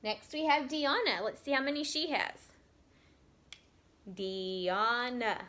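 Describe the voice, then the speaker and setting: A woman teacher giving a recorded lesson to young children, patiently stretching out words so they can be heard clearly. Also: high-pitched, pushed and bright. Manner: slow, patient, drawn-out sounding of words.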